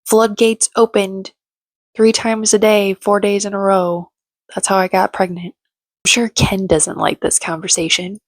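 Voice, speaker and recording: A woman's voice: mid-range voice, little pitch movement, measured pace, no room sound. A young woman recapping a reality show in casual, gossipy, sarcastic chat. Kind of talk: casual chatty commentary.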